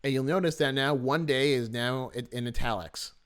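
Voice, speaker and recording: A man teaching a software workshop, explaining step by step in a friendly, animated way and stressing key words. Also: medium pitch, a little fast, smooth. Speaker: workshop instructor. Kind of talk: screen-recorded software tutorial.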